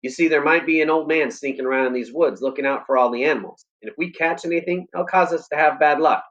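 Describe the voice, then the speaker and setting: A man's voice: fairly high pitch, fast talker, fairly bright tone, highs cut off, voice pushed up, close to an everyday voice. A man reading aloud as a country boy who earnestly coaxes his hound. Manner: earnest, coaxing.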